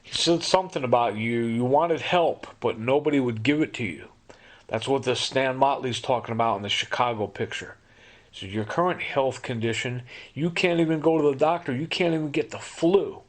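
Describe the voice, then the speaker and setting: A man's voice: mid-range voice, moderate pace, a little hiss or hum. Urgent, pleading middle-aged man. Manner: urgent and pleading, repeats himself, appeals directly to the listener. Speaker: complainant telling his story. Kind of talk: impassioned personal monologue.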